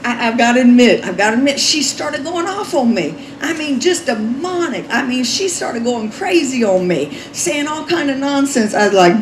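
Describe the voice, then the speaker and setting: Animated woman preaching in an echoey hall. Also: sits high, moderate pace, hardly any pauses, slight background noise. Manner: animated, laughing, acts out quotes. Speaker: pastor. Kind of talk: storytelling sermon.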